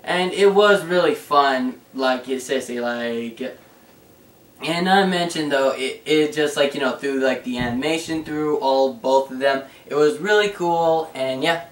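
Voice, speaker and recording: A young man chatting casually in a vlog, answering fan questions in a rambling, excitable way with lots of fillers. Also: medium pitch, measured pace, far from the mic. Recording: roomy sound, away from the mic.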